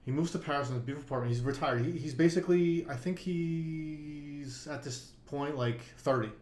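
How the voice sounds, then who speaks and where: A man's voice: on the high side, a little fast, a little mellow, echoey room. A man co-hosting a poker podcast, telling a long story in casual conversation, with many fillers and restarts.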